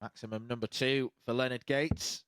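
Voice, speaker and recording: A man's voice: medium pitch, steady tone, normal speed, fairly bright tone, smooth, no room sound. A man calling live darts, eager and urgent. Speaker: darts commentator. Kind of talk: live sports commentary.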